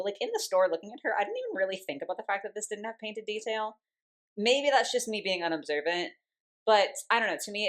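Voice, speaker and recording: A young woman with a low, deep-set voice gushes her way through a casual doll review at home. She talks in a chatty, excitable way, full of "like"s, and often breaks off to coo softly at her cat. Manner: gushing, chatty, many "like"s.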